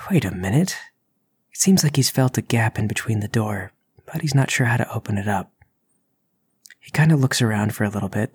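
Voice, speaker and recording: A man narrating as game master in a tabletop game, telling the story steadily with soft asides. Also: lowish voice, breathy edge, no room sound.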